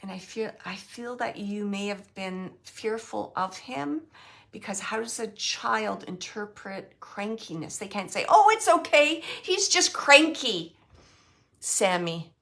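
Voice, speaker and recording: A woman working as a psychic medium, relaying messages in a halting way, repeating herself and dropping into whispered asides. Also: mid-range voice, vocal fry, a bit bright. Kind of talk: live spirit reading.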